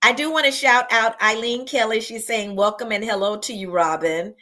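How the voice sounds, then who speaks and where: A woman's voice: on the high side, moderate pace, slight background noise. Effusive woman hosting a live podcast. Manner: warm, effusive, urging listeners to join. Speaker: podcast host.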